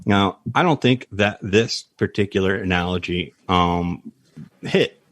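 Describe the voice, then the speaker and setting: A man guesting on a business podcast, an animated storyteller who explains through analogies. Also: deep voice, unhurried, no echo, clean studio sound. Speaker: guest, practice valuation advisor. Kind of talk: podcast interview.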